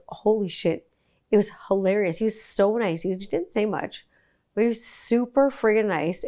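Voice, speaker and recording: A woman in her forties hosting a podcast, ranting and telling stories in a casual, sweary, sarcastic way. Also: mid-range voice. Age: 40s. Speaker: podcast host. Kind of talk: casual profane monologue.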